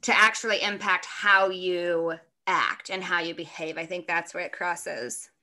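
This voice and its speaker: Bright-voiced woman podcast co-host. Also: on the low side, unhurried. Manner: chatty, laughs often, reads points from notes. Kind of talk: casual chat.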